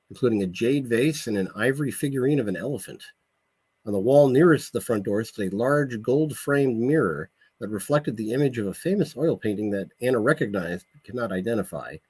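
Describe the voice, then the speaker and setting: An author reads a passage from his novel aloud at a measured pace, now and then catching and correcting a word. His voice is mid-pitched with a husky, breathy grain. The delivery is steady and unhurried. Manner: measured reading with small slips and self-corrections.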